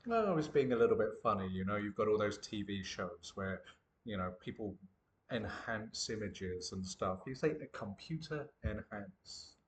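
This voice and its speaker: A man's voice: lowish voice, lively intonation, moderate pace. A man chatting casually with an AI tutor, playful and a bit hesitant, often joking around. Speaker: English teacher trying out an AI tutor. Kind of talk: casual chat.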